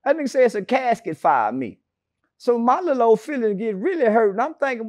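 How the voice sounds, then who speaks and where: A man's voice: very high-pitched, sing-song, fairly quick, darkish tone, no echo, studio quality. A man being interviewed, telling stories in a brash, profane and mocking way with sarcastic asides. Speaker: interview guest. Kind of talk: casual interview storytelling.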